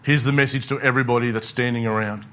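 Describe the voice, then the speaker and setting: Bright-voiced pastor preaching, lo-fi sound. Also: male voice, medium pitch, steady tone, fast talker. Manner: conversational, asks the congregation questions, repeats words. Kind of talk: sermon.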